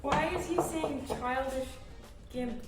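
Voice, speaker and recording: A woman's voice: high voice, slow pace, faint music behind. A woman hosting a casual vlog, chatty, laughing and swearing a little. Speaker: video host.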